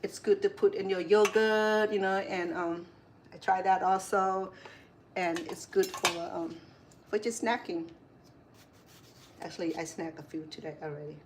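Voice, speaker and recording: A middle-aged woman chef talks her way through a home cooking demo in a loose, rambling way. She drifts into side stories and stops to fix her own words. Her pitch sits in the ordinary middle range, with a faint hiss behind her. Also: fairly even intonation, a little slow. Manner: chatty, rambling, corrects herself mid-sentence. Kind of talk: casual cooking demonstration.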